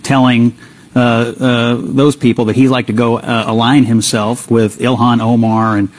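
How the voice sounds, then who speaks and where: Male TV pundit, argumentative, husky tone. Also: medium pitch, little pitch movement, a little slow. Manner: forceful, argumentative. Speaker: political commentator. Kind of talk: cable news panel commentary.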